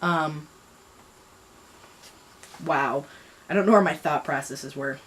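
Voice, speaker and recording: Young woman vlogger with a lowish voice, rambling, self-mocking, lots of fillers. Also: slow. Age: young adult. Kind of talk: casual commentary on reading.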